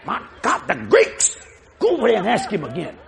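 A preacher doing a pushy, anxious male apostle who fires the same questions again and again. The voice rides high and swoops widely, with a rough, gravelly grain. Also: huge pitch swings, moderate pace, a crowd in the background, heavily acted. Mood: urgent pushy. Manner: urgent, insistent, repeats questions.

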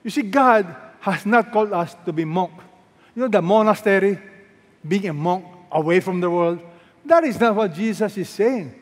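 A man's voice: sits high, animated, normal speed. Filipino pastor guy preaching hard, lots of questions to the crowd, long reverb like a big hall. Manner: emphatic, repeats phrases, asks the crowd rhetorical questions. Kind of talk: sermon. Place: large church hall.

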